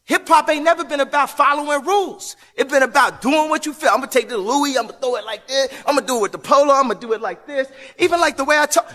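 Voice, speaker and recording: Guy with a really high bright voice preaching hard in an interview, rambly, big hall echo. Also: fast, hardly any pauses. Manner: preachy, emphatic, rambling, laughs often. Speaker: interview guest. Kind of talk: impassioned interview talk.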